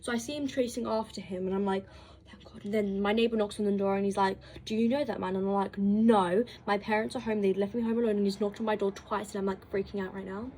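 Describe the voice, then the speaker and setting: A woman's voice: mid-range voice, fast talker, few pauses, a little hiss or hum. A woman casually telling a story, rambling with lots of "like" and acting out quoted dialogue. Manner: rambling, filler-heavy with lots of "like"; animated retelling with quoted dialogue. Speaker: storytime vlogger.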